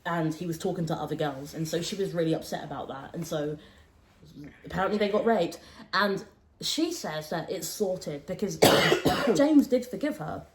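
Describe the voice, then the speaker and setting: A young woman hosting a casual storytime podcast, talking animatedly and dropping low and hushed when she quotes people. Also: normal speed. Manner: animated, swings between raised exclaiming and low, hushed quoting. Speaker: podcast host.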